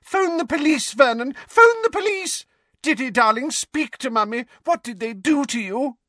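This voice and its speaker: Guy putting on a high shrill panicky mum voice, fussy and frantic, dry close sound. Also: big pitch swings, unhurried, fairly bright tone, dry recording, heavily acted. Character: shrill fussing middle-aged mother.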